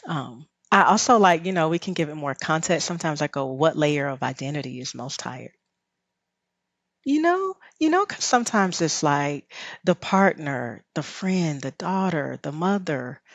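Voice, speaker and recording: A woman's voice: on the low side, very animated, unhurried, dry recording, lo-fi sound. A woman with a Southern US drawl, a rest teacher and podcast guest, talking in a reflective, guiding way and laughing often. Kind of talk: podcast conversation.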